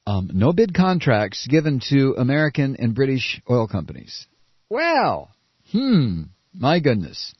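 A man giving sarcastic political commentary while reading a news article, with mocking asides. He swings from shrill mock surprise to low muttering. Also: wildly swooping pitch, unhurried, slightly rough, no room sound. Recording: dry, dull lo-fi audio.

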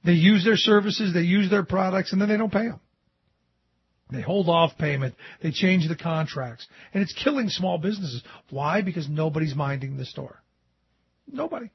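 A male radio host rants about politics in a high, raspy voice. He is animated and sarcastic and mocks his opponents. The sound is dull and lo-fi, dry and close. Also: normal speed, no room sound. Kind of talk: political commentary talk show.

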